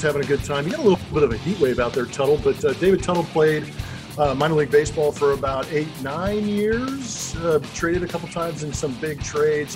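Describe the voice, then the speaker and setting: A middle-aged man co-hosting a sports podcast in loose, rambling, jokey casual chat. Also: mid-range voice. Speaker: co-host.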